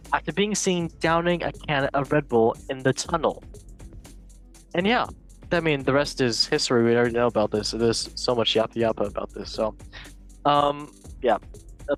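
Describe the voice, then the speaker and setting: A young man hosting a football show, reading news headlines and joking around in a casual chat. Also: medium pitch. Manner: playful, joking, reads headlines then riffs. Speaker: show host.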